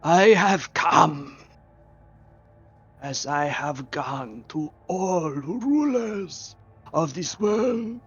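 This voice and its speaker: A man voicing an ancient mummified male herald who makes slow, grandiose proclamations. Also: a little high, animated, breathy edge, pitched above the performer's own voice, full character voice. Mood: imperious. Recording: dull lo-fi recording.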